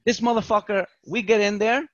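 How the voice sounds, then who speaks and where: Animated profane New storyteller man. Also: sits high, a little fast, no echo, highs cut off. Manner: animated, profane, acts out quoted voices. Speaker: podcast guest telling a story. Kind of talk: casual storytelling chat.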